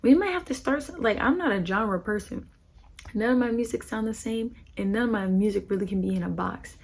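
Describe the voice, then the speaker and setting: Husky young woman, rambling and earnest. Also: mid-range voice, fairly quick, darkish tone. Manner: rambling, earnest, filler-heavy. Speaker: musician. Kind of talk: casual heartfelt talk to camera.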